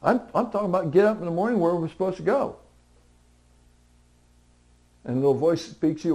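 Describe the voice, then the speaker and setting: Telling stories in a conversational sermon, a middle-aged pastor voices the different characters in dialogue. His delivery is animated and fairly quick, broken by long pauses, and he periodically erupts into loud, high, pleading outbursts for emphasis.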